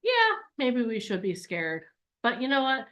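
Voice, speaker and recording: A woman voicing a calm, knowing elephant that remembers everything. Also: a little high, unhurried, full character voice. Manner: soothing, knowing. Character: calm know-it-all elephant with a long memory.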